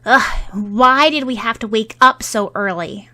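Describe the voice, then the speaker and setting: A scoffing, bratty young boy with a loud, slightly raised voice, as a woman puts him on in a storybook reading. He is smug and blunt, tossing off rude remarks with a huff. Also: on the high side, measured pace, pitched above the performer's own voice. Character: bratty sharp-tongued young orphan boy.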